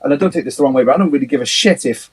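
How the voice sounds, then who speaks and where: A man's voice: mid-range voice, lively intonation, rapid-fire, husky, rough recording. A man from a band, chatting casually on a livestream, rambling, laughing often and swearing a little. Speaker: band member hosting a livestream. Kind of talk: casual chat.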